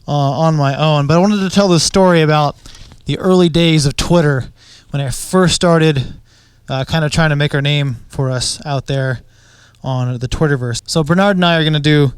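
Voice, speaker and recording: A man's voice: a little high, normal speed, clean tone, dry recording. A man casually telling a story for his channel, hesitant, with many filler sounds and small chuckles. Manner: hesitant, lots of uh, chuckles at himself. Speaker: channel host.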